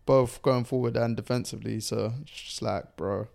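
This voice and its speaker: A man's voice: medium pitch, fairly even intonation, normal speed, vocal fry, a little mellow. Laughing man hosting sports banter. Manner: laughs often, slangy banter. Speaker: podcast host. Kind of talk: casual sports chat.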